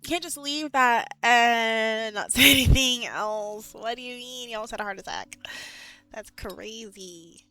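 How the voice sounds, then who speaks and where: Bright-voiced chatty young woman. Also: a little high, unhurried, no room sound, faint music behind. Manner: chatty, animated, many "like"s and laughs. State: a bit out of breath. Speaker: streamer. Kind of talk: casual chat with live chat.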